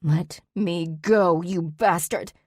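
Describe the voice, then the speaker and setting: A woman's voice: medium pitch, extremely slow, darkish tone, no echo, clean studio sound, voice pushed up. A woman voicing a distraught young woman in a fantasy audiobook, shrieking her lines in desperate, sobbing fury. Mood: screaming despair.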